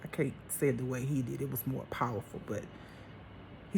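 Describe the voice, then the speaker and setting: With an extremely low pitch and a steady tone, a woman speaks briskly in a creaky, slightly mellow voice. She gives a casual, emphatic, chatty spiritual monologue as a life teacher, laughing often and addressing her listeners as honey and baby. There's a little hiss or hum.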